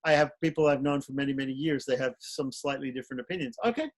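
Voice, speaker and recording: A man hosting a casual talk, giving advice in a reflective, halting way, with many restarts. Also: mid-range voice, lively intonation.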